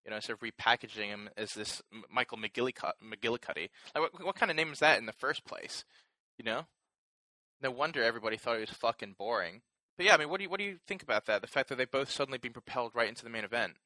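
A man's voice: mid-range voice, animated, quick pace, pushed and bright, no echo, rough recording. A man co-hosting a casual podcast chat, rambling with lots of fillers and the odd swear. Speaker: podcast co-host.

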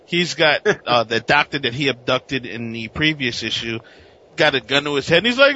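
A man with a bright, fairly high voice recapping a comic in a casual way. He acts out the characters in silly put-on voices. The recording sounds dull and lo-fi. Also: big pitch swings, moderate pace, vocal fry. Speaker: comic book podcast co-host.

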